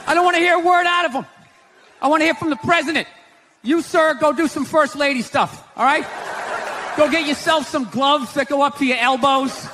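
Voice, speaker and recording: Performing stand-up before a live audience, a man with a very high voice rants sarcastically at a brisk pace, swearing a lot. The live-show recording carries loud crowd laughter and room noise.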